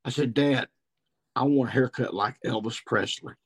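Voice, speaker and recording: A man's voice: medium pitch, moderate pace, breathy edge. A man in his sixties from Missouri with an Ozarks accent, a podcast guest telling stories about turkey hunting in a rambling, folksy country way. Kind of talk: podcast storytelling.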